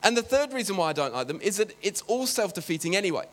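A man preaches a sermon in a chatty, joking style, often interrupting himself to address the congregation directly. His voice sits high, with a fairly bright tone, and he talks fast and with lots of animation.

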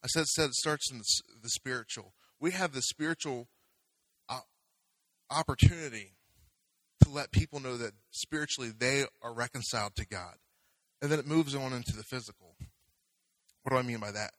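A man's voice: mid-range voice, moderate pace, long pauses, fairly bright tone, no echo, low-quality recording. A man preaching a sermon as pastor, talking conversationally and building to fervent exhortation.

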